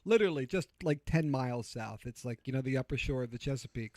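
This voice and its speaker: A man's voice: medium pitch, expressive, fast, a little mellow, no echo. A man hosting a livestreamed talk show in casual chat. He rambles, interrupts himself, laughs easily and swears.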